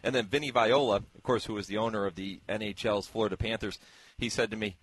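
A man hosting a horse racing radio show, telling relaxed stories from the stable area in a chatty way. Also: lowish voice, fast talker, breathy edge. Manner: chatty storyteller, relaxed anecdotes.

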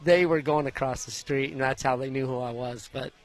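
A man, a former jockey, telling stories from his riding career in a folksy, animated way in an interview, acting out the voices of the people in them. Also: medium pitch, a little fast. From Idaho. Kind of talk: interview storytelling.

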